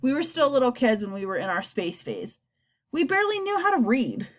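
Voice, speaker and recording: A woman narrating a children's story aloud in an expressive reading voice. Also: sits high, a little fast. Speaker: narrator, audiobook reader.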